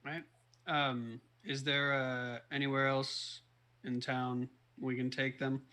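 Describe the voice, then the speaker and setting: A man playing a slow, easygoing adventurer. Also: mid-range voice, flat delivery, bright, forceful tone, poor audio. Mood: calm.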